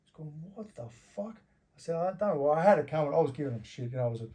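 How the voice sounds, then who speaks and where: A middle-aged Australian man telling rough stories in casual, profane talk, laughing as he goes. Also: fairly high pitch, very fast, mellow. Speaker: interview guest. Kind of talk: casual storytelling with heavy swearing.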